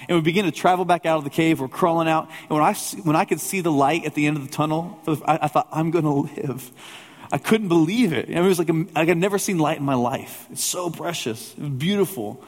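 A man's voice: fairly high pitch, fast talker, hardly any pauses. A male pastor preaching a sermon in a church, telling a personal story in a conversational way with humorous asides. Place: church sanctuary with a congregation. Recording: long hall reverb.

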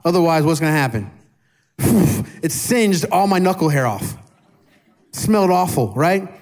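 A pastor in his thirties gives a relaxed, conversational sermon with a voice pitched a little high. He keeps turning to his congregation with questions and pokes fun at himself. His delivery is lively and informal. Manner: casual and animated, questions the congregation; self-deprecating humor.

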